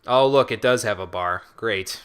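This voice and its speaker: Clear and resonant, this man's lowish voice has a fairly bright tone and a normal speed. He's a streamer casually commenting on his gameplay, poking sarcastic fun at the characters as the game music runs.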